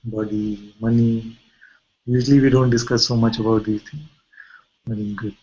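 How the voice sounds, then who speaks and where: A man with an Indian accent, a spiritual teacher giving a gentle satsang talk full of rhetorical questions. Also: fairly low pitch, steady tone, moderate pace, lo-fi sound. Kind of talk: satsang talk and video-call chat.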